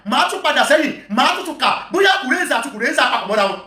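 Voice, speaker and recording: A speaker who moderates a heated online religious debate. They read scripture slowly and deliberately, then break in with firm, repeated calls for calm. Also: high voice, reverberant.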